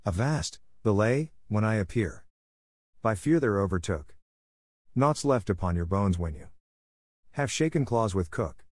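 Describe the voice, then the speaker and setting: A man's voice: lowish voice, animated, measured pace, long pauses, dry recording, studio quality. A man voicing a swaggering pirate captain in a storybook reading, chanting a boastful verse. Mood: exultant.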